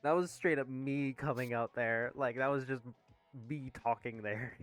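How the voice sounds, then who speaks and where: A man's voice: mid-range voice, unhurried, clean tone, no room sound, faint music behind. A man running a tabletop game, narrating in a rambling, casual way and laughing at himself. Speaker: game master.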